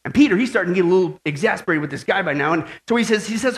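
A male pastor giving a lively, joking sermon with emphatic delivery. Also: high voice, racing.

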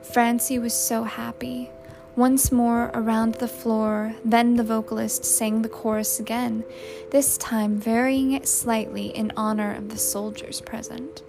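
Woman narrator, slow and higher-pitched, reading a story with loud music underneath. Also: little pitch movement, vocal fry. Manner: measured, unhurried storytelling. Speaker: audiobook narrator. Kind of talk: scripted narration.

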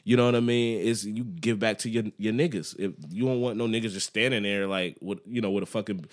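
A man with a fairly low voice talks through his music in a relaxed podcast chat. He rambles, full of slang and side stories, like he is among friends. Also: brisk. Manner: relaxed, slang-heavy storytelling. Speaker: musician guest.

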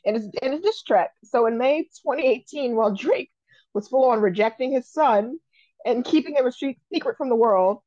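A woman's voice: a little high, animated, normal speed, mellow, dry recording. Blunt joking woman co-host, dull sound. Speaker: podcast co-host. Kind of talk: casual gossip chat.

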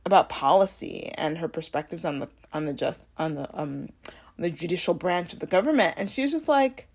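A young adult woman hosts a casual solo podcast on a home podcast mic, her voice husky and fairly quick. Chatty and animated, she's full of fillers and self-corrections, acting out her own reactions with big leaps in pitch.

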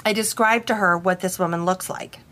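A young woman who works with brides casually telling a story about a spirit, animated and full of "like" fillers. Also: on the low side, a little fast. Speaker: bridal stylist and medium.

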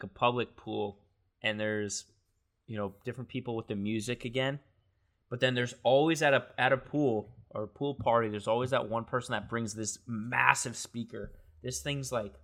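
A man's voice: mid-range voice, a bit bright. Laid-back young man co-hosting. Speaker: podcast co-host. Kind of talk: casual chat.

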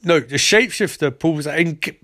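A man giving a sarcastic, profane comedic recap of a TV episode, acting out the characters in quick quoted voices. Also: on the high side, a bit bright, no echo, clean studio sound.

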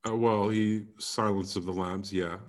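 A man's voice: lowish voice, level tone, unhurried. A man co-hosting a casual chat who teases his partner and tells stories in a playful way. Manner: playful, teasing, slips into mock voices.

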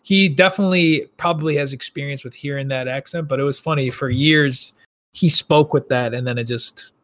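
A man co-hosting a gaming podcast, chatting casually and telling stories with animated asides. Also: medium pitch, a little fast. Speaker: podcast co-host.

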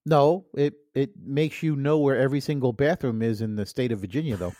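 A man's voice: medium pitch, fairly quick, mellow, no room sound, clean studio sound. A man co-hosting a comedy podcast, trading jokes with sly innuendo and mock offense. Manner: wisecracking, innuendo-prone, playfully mock-offended. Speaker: podcast co-host. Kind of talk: joking banter.

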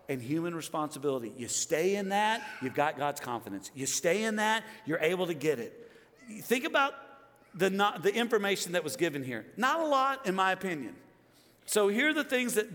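Animated high-voiced pastor in his fifties. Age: 50s. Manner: animated, swings from loud exclamations to hushed emphasis. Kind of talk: sermon. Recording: long hall reverb.

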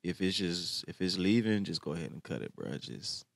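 Reaction commentator, low voice, dry sound, slangy and reflective, throaty at times. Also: male voice, big pitch swings, normal speed, gravelly, no echo. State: clearing his throat often.

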